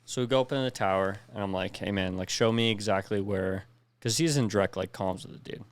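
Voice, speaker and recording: A young man, a veteran co-hosting a podcast, tells a war story in casual, profane speech, acting out the dialogue with quoted lines. His voice is fairly low, a little fast, with no echo.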